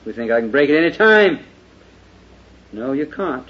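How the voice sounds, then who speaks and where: A man preaching a sermon in a folksy way, dropping to hushed confession and then rising to fervent shouting. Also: mid-range voice, very animated, moderate pace. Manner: folksy, with lots of "you know". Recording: dull lo-fi recording with faint hiss.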